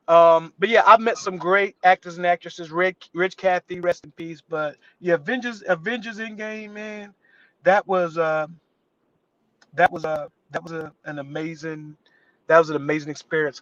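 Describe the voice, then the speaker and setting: A man's voice: high-pitched, moderate pace, dry recording, muffled recording. A man, an actor guest on a live interview show, telling a story and acting out the voices of the people in it. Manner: animated, acts out quotes with voice shifts.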